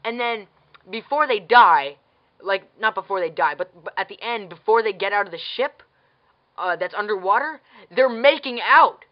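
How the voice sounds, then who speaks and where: A woman's voice: mid-range voice, expressive, normal speed, lo-fi sound. A woman giving a casual ranting movie review as a vlogger, blunt and sarcastic, swearing freely and firing off exasperated questions.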